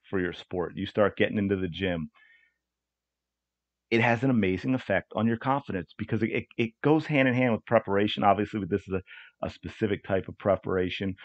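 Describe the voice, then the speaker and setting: A man with a low voice talks alone on a coaching podcast. He sounds earnest and often repeats or restarts words. The recording is dry and a little dull, with no room sound. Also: no echo. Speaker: podcast host and soccer coach. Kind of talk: solo podcast monologue.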